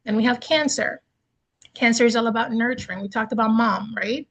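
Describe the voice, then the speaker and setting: A woman's voice: on the high side, a little fast, a bit bright, breathy edge, poor audio. A woman teaching an online astrology class, listing terms and then riffing on them with casual examples.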